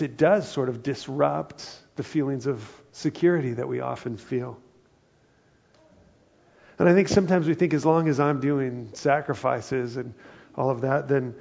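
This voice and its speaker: A man's voice: a little high, creaky, a little mellow, dull audio. A male pastor giving a conversational sermon, slipping into quoted voices as he tells a passage.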